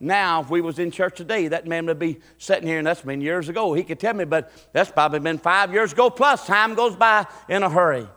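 Excited preacher, bright high voice. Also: male voice, brisk, few pauses, big-room sound. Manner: folksy, building to excited preaching with acted-out voices. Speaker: pastor. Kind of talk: sermon. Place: church sanctuary.

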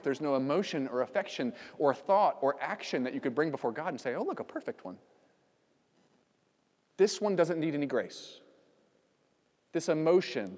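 A man's voice: a little high, big-room sound. A man preaching a sermon as pastor, conversational with frequent fillers and sudden emphatic outbursts. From United States. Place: church sanctuary.

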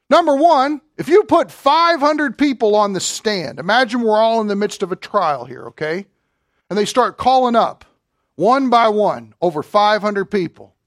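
A man delivers a sermon in a high, bright register, moving from energetic points to jokes aimed at his congregation. The sound is dry and close, with little room echo. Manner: animated, joking asides to the congregation. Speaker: pastor.

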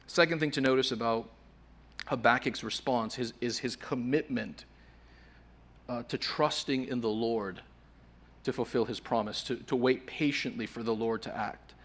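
An earnest male preacher delivering a sermon at a mid pitch. He leans hard on key words, then drops to a hushed, soft voice. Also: fairly quick. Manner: earnest, swings from forceful emphasis to hushed softness.

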